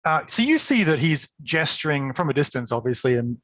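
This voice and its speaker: A man's voice: a little high, big pitch swings, brisk, fairly bright tone, no room sound. A man narrating a tabletop role-playing game as game master, chatty and laughing, with many fillers.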